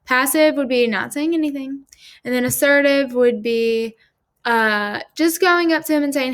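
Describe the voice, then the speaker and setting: A woman with a slightly high voice works through a class assignment, reading each scenario aloud and then explaining it. She talks casually, with plenty of fillers. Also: normal speed, a bit bright. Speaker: student presenting a class assignment.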